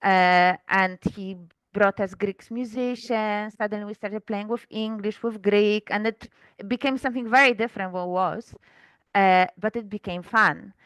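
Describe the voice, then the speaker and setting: A woman from Poland speaks English, working through her ideas slowly and pausing on fillers. Her voice is smooth and resonant. The recording is dry, with no room sound. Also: mid-range voice, fairly even intonation, fairly bright tone, no room sound, poor audio. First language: Polish. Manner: thoughtful, hesitant, many fillers. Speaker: guest author. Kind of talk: reflective conversational interview.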